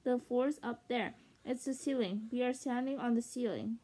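A woman's voice: on the high side, normal speed, dark tone, husky. A woman reading aloud as a nasty old wife who screams in panic. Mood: panicked. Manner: screams and shrieks in alarm.

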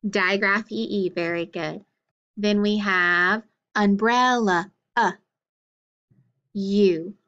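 A woman teaching a phonics lesson to children, spelling out letters and sounds clearly and praising often. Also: medium pitch, steady tone, slow pace, long pauses, a bit bright. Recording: dull lo-fi recording.

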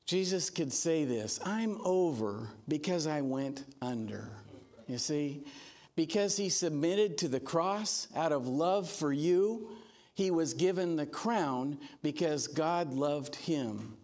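Pastor guy preaching slow in a high voice, earnest w some jokes, acts out quotes, church sermon. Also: darkish tone.

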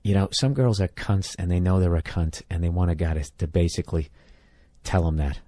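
A man's voice: sits low, fairly even intonation, a little fast, dark tone, no echo. A man from the United States, a podcast host giving comedic advice in a blunt, profane, rambling rant.

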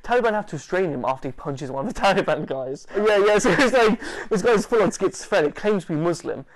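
A man, an interview guest, telling stories casually, animated, laughing and swearing. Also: high-pitched, fairly quick. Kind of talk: casual storytelling.

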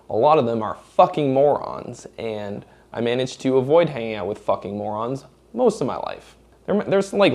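A man's voice: mid-range voice, darkish tone. Guy from massachusetts answering viewer questions, blunt and swears a lot, no accent. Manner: blunt, profane, candid. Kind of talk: casual Q&A chat.

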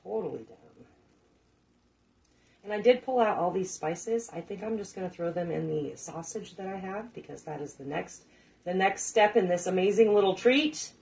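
A woman's voice: lowish voice, expressive, normal speed, creaky, darkish tone. A middle-aged woman hosting a casual cooking livestream, chatting with viewers, swearing casually and laughing often. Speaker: cooking show host.

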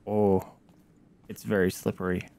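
A man streaming a video game, reacting with animated exclamations and casual swearing. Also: low voice, measured pace, gravelly. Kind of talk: casual gameplay commentary.

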